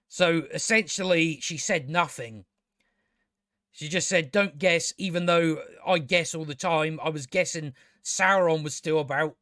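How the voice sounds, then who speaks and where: A man with a notably high voice tears into a TV episode, sarcastic and exasperated, swearing as he goes. The sound is close and dry, with no room around it. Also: unhurried, sharp tone, no echo. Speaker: TV show reviewer. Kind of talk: casual ranting review.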